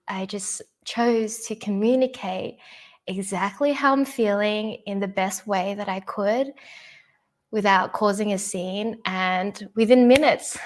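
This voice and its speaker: Slow, gentle-voiced young woman reflecting. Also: mid-range voice. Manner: soft-spoken, unhurried, laughs between phrases. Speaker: summit speaker. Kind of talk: reflective personal storytelling.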